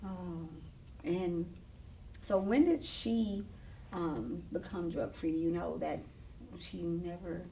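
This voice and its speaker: A woman's voice: lowish voice, slow, creaky, warm tone, distant mic, slight background noise, poor audio. A woman hosting, asking caring, supportive questions in an interview chat. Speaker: host.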